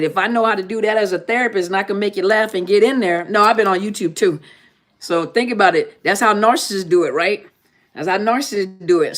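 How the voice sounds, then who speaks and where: A woman therapist chatting casually on a live stream, joking with her viewers and laughing often. She repeats her phrases as she talks, in a voice of middle pitch. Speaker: therapist and channel host.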